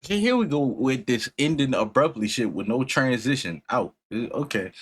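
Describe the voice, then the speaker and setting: A man's voice: mid-range voice, animated, normal speed, few pauses, husky. A man hosting a music reaction, tipsy, chatting casually, rambling and repeating himself, with announcer-style greetings. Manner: rambling, repeats and restarts phrases, loose slang.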